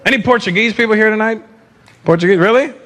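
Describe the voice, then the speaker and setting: A Canadian comedian in his fifties does a brash stand-up set at a large live venue, teasing the crowd and slipping into voices as faint laughter rises behind him. His voice is high-pitched, fast and fairly bright.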